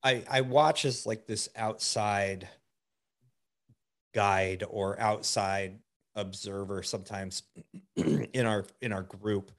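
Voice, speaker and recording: A man with a fairly low voice speaks candidly in a relaxed podcast chat. He thinks out loud as he goes, leaning on "like" while he works out what he means. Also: slow pace. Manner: candid, thinks aloud with many "like" fillers. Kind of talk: casual conversational podcast.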